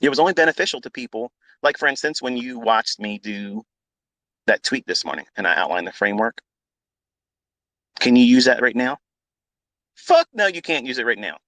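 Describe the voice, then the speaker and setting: A man's voice: medium pitch, lively intonation, fairly quick, a bit bright, no room sound. A man who mentors traders, talking in a live audio room in a blunt, combative way, swearing often and repeating himself for emphasis. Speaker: trading mentor.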